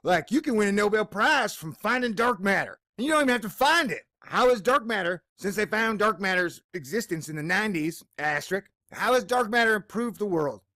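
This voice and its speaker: High-voiced man ranting angrily. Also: animated, fairly quick, few pauses, pushed and bright, no room sound, clean studio sound. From United States. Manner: profane, sarcastic, mocking voices. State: in pain, bad mood. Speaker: video blogger. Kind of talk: angry editorial rant.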